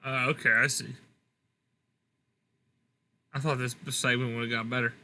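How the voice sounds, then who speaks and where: A man's voice: medium pitch, level tone, a little slow, pushed and bright, low-quality recording. A young man casually reading out match results from a game, plain with dry asides. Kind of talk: casual gaming commentary.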